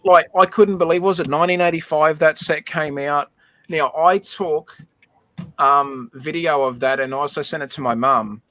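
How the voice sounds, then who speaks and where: A man's voice: a little high, normal speed, a bit bright. Man telling a heartfelt story. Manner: emotional storytelling, repeats words. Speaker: livestream host. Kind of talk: casual chat.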